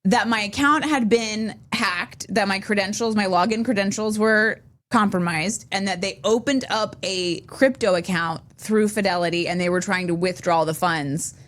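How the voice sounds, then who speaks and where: A woman's voice: medium pitch, normal speed, hardly any pauses, a bit bright. A young adult woman co-hosting a podcast, telling a story in casual chat, full of fillers and restarts. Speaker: podcast co-host.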